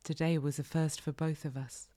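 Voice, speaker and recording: A woman narrating an intimate first-person audio story, often breathy and half-whispered. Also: sits low, little pitch movement, moderate pace, dark tone.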